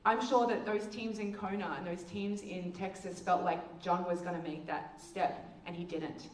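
A woman giving a presentation with slides, telling stories lively and acting out the voices of the people she quotes. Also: fairly low pitch, normal speed, a little hiss or hum. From Australia. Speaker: missions speaker. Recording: echoey room, distant mic, faint ambience.

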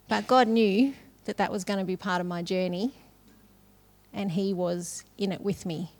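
A woman's voice: mid-range voice, fairly even intonation, unhurried, vocal fry, pauses often, a little mellow. Laughing, chatty woman preaching. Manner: conversational, laughs often between phrases. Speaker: conference speaker. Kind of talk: sermon.

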